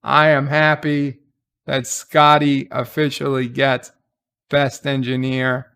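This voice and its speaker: A man casually recapping a TV episode as a reviewer, halting with restarts and fillers and getting excited as he retells the action. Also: mid-range voice, gravelly, smooth.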